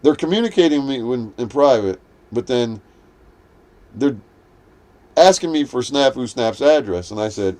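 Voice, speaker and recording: A man's voice: mid-range voice, lively intonation, a little slow, long pauses, darkish tone. A man hosting a livestream, ranting in a heated, profane, combative way. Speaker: livestream host. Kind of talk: livestream rant.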